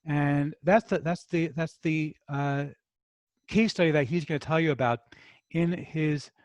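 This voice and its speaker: A man's voice: fairly high pitch, steady tone, unhurried, no room sound. A man from New York hosting a review channel in casual, joking chat with his viewers, with no regional accent. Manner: jokey, chatty, talks to viewers. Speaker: product review host.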